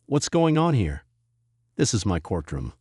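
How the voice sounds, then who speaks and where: A man's voice: on the low side, huge pitch swings, unhurried, a little mellow, slightly rough, no room sound, clean studio sound, heavily acted. A man voicing a rattled, arrogant veteran judge who stammers and turns desperate. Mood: defensive. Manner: stammering, defensive, increasingly desperate.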